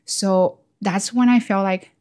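Woman vlogging about herself, mellow warm tone, candid and thinking out loud. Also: medium pitch, slow. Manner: candid, self-questioning, with lively quoted asides. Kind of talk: casual reflective monologue.

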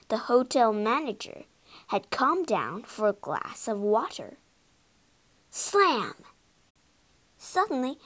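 Expressive woman reading a storybook. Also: sits high. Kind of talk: storybook narration for learners.

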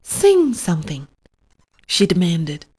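Woman doing a little storybook girl pig, cheerful, bold, demanding, lively. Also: on the low side, slow pace, husky, full character voice, poor audio. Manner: bright and demanding.

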